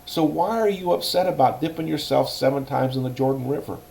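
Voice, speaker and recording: A man's voice: a little high, brisk, gravelly, a little mellow, voice pushed up. A loyal servant, voiced by a man telling a story, pleading earnestly with his master. He speaks in a persuasive, coaxing way.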